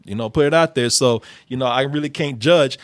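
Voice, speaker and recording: A man's voice: medium pitch, fairly quick, no room sound. A man hosting a casual commentary talk show, speaking emphatically with many restarts. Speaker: show host.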